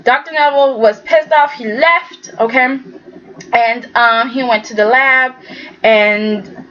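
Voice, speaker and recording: Chatty higher-voiced woman recapping a soap. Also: slow. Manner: chatty, retells scenes as loose quoted dialogue with many "okay?" tags. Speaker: soap opera recap vlogger. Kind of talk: casual chat recapping an episode. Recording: dull lo-fi sound with faint noise.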